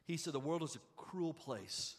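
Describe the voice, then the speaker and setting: High-voiced, animated man preaching. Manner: animated, shifts from loud and quick to low and hushed. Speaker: pastor. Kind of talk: sermon.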